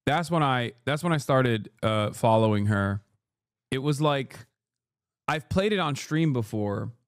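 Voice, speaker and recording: A man's voice: mid-range voice, expressive, measured pace, dry recording. Brief: male streamer, loose profane commentary, fillers everywhere, dead-dry sound. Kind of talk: casual reaction commentary.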